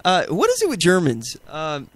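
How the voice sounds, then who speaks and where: A man's voice: on the high side, huge pitch swings, normal speed, no room sound. A man hosting a talk show, giving indignant, rambling commentary on video clips with many fillers and restarts. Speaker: podcast host.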